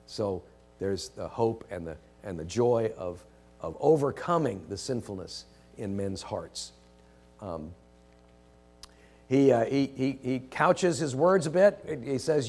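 A man preaching a sermon, rushing through it with many restarts, rising to emphatic quoted lines and dropping low and quiet. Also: expressive, faint music behind. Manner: hesitant restarts, rushed.

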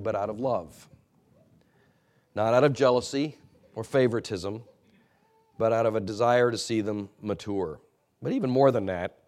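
A male pastor preaches with earnest admonition, his sermon swinging from emphatic peaks down to quiet, low asides.

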